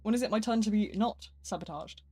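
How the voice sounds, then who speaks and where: A man's voice: high voice, fairly quick, darkish tone. A man streaming a video game, chatting casually with viewers in a playful, joking way with mock-dramatic outbursts. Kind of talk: casual live-stream chat while gaming.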